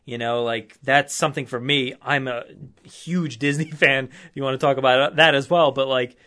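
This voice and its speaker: A man guesting on a podcast who talks in a relaxed, hesitant way with lots of fillers. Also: medium pitch, moderate pace. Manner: easygoing, hesitant, filler-heavy. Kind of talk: casual chat.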